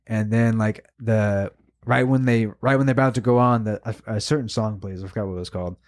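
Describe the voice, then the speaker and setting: A man co-hosting a podcast, telling a story in casual chat, emotional and animated, swearing a lot. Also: fairly low pitch, a little fast. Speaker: podcast co-host.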